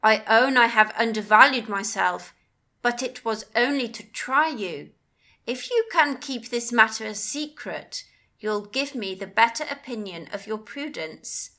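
A woman voicing an overbearing gentleman master, a man speaking in a commanding, hasty way. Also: fairly high pitch, animated, unhurried, exaggerated voice. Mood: irritated.

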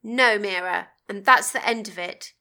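Brief: woman reading a dismissive, penny-pinching husband, scornful and sharp-edged. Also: mid-range voice, unhurried. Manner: curt, scornful. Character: stubborn, tight-fisted middle-aged husband, dismissive.

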